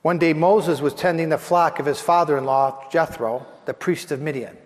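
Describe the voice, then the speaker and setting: A man's voice: a little high, moderate pace, big-room sound. A man preaching as pastor, telling scripture in a conversational, emphatic way. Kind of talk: sermon.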